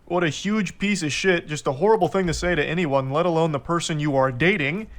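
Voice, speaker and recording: A man's voice: on the high side, fairly quick. A man commenting in a reaction video, reading out text messages with incredulous, mocking exasperation. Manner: incredulous, mocking, reads texts aloud with exasperation.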